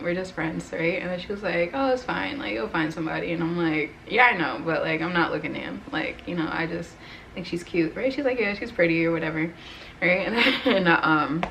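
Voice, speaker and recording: A woman's voice: lowish voice, gravelly, a bit bright, slight background noise, low-quality recording. Tearful young woman telling a story. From United States. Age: 20s. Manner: rambling, emotional, frequent "like" and "right?". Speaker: vlogger. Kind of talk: personal storytelling to camera. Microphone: camera mic.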